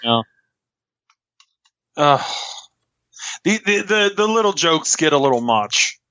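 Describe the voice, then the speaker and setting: Guy guesting on a podcast, bright fairly high voice, lots of stammered restarts, dry dull-sounding mic. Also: very animated, slow, clean tone, no echo. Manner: stammering restarts, exasperated asides. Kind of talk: casual chat.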